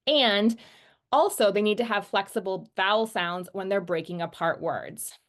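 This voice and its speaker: Woman slowly sounding out words in a lesson. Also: mid-range voice, fairly bright tone. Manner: explains patiently, sounds words out slowly, says "right?" often. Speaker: literacy teacher trainer. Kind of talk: instructional explanation.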